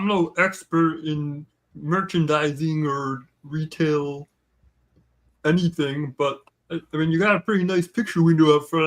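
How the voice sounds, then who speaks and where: A man playing a tabletop game, slow and laid-back, teasing. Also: a little high. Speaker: player.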